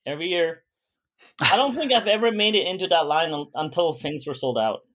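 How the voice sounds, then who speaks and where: A man's voice: fairly high pitch, lively intonation, brisk, a bit bright. A man co-hosting a podcast in casual chat, laid-back and laughing as he tells stories. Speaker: podcast co-host.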